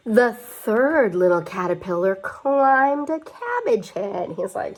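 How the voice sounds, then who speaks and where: A woman's voice: mid-range voice, very animated, unhurried, few pauses, breathy edge. A young woman reading a picture book aloud to children, chatty, with playful asides and questions. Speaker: storybook reader.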